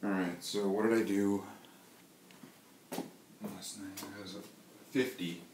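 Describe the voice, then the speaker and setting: Deep-voiced male vlogger, workout ramble, self-mocking, echoey room. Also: fairly even intonation, takes it slowly, darkish tone. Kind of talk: casual talk during a home workout. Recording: echoey room, faint noise.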